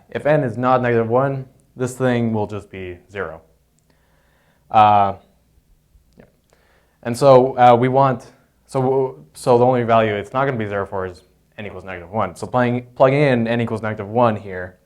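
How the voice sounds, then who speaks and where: A man explaining a math proof in an unscripted lesson, hesitant, with frequent fillers and self-corrections. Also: mid-range voice. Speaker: math tutor.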